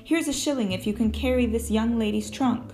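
Reader putting on a stiff, indignant gentleman escort; formal, haughty. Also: on the high side, a little fast, music in the background, voice pushed up, natural voice.

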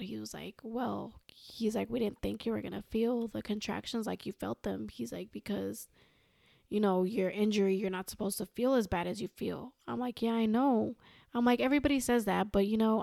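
A young woman telling a story as a podcast guest, animated and quoting herself and others. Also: mid-range voice, normal speed, gravelly, dry recording, clean studio sound. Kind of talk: casual storytelling.

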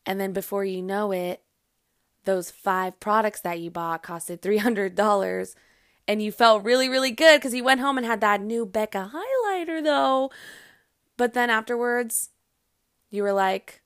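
A woman talks straight into a close podcast mic in a blunt, emphatic self-help monologue. She swears casually and slips into quoted lines of her own inner voice. Her pitch sits in the middle range, and the sound is dry, with no room echo. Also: a little slow. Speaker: podcast host.

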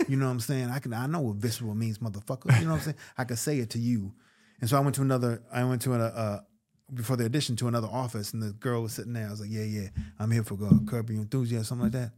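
Animated man telling a story. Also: mid-range voice, rapid-fire. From New York. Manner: animated, acts out quoted voices, swears freely. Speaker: guest, actor and comedian. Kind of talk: casual storytelling.

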